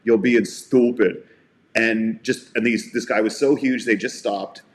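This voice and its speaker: Low-voiced man telling baseball stories. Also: fairly even intonation, normal speed. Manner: warm storytelling, heartfelt. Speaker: podcast co-host. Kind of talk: casual sports chat.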